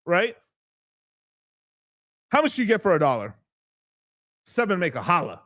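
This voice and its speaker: A male live-stream host is hyped up, cracking jokes and swearing as he talks. His voice sits a bit high and moves lively up and down. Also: moderate pace, pauses often. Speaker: livestream host. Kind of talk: casual live stream chat.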